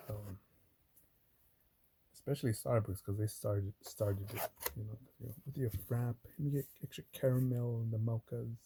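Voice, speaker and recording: A man's voice: medium pitch, creaky, warm tone, slight background noise. A man talking in a loose, meandering way while sorting coins, with lots of fillers and cursing. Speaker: coin roll hunter. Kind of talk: casual rambling vlog talk.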